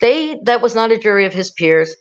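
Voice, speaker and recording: A woman's voice: a little high, fairly quick, dull audio. Rambling middle-aged woman storyteller. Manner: rambling, many restarts, animated quoting. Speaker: podcast guest. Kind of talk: casual storytelling.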